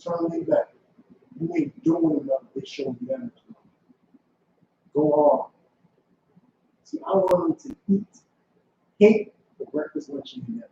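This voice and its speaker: A man's voice: high-pitched, huge pitch swings, takes it slowly, creaky, pauses often, dark tone, a little hiss or hum. A man leading a class, preaching in a commanding way and repeating short demands. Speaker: school leader teaching a class. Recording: echoey room, far from mic, dull lo-fi.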